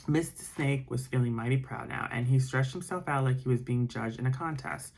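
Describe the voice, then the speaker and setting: A man reading a bedtime story aloud in ASMR style, with soft, rambling asides. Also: medium pitch, fairly quick, creaky, few pauses, slight background noise.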